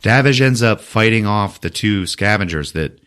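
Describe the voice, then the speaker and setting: A man hosting a podcast, giving a profane, animated comic retelling of a movie. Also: lowish voice, moderate pace, smooth. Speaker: podcast host.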